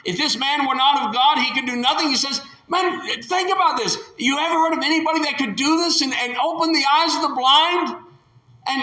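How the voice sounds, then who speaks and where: High, bright-voiced impassioned male preacher. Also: reverberant. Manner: impassioned, acts out the quotes with rising shouts. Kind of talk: sermon.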